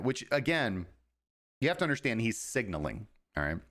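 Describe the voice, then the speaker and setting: A man hosting a casual crypto livestream, speaking at a mid-range pitch. He explains at length in an informal, talky way. Now and then he slips into quick imitations of traders' thoughts. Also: very animated, fairly bright tone. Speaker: crypto market analyst, host. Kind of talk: casual livestream market commentary.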